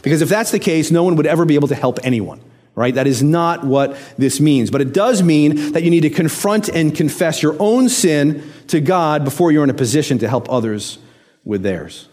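A man delivering a sermon in a fairly high voice, talking with his listeners rather than at them. He leans on rhetorical questions, and his voice sinks low and quiet when he presses a point home. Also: expressive, normal speed. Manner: conversational preaching with rhetorical questions; drops to quiet, low emphasis on key phrases. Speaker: pastor.

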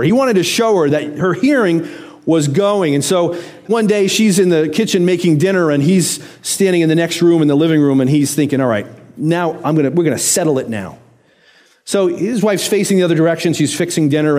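A man delivering a sermon in a fairly high voice, talking with his listeners rather than at them. He leans on rhetorical questions, and his voice sinks low and quiet when he presses a point home. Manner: conversational preaching with rhetorical questions; drops to quiet, low emphasis on key phrases. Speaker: pastor.

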